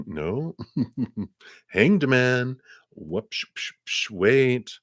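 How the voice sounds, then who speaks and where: Middle-aged man, tarot reader, unhurried musing delivery, dry close sound. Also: fairly low pitch, dry recording. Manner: musing, chuckles often, repeats words while searching. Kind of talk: live tarot reading for a viewer.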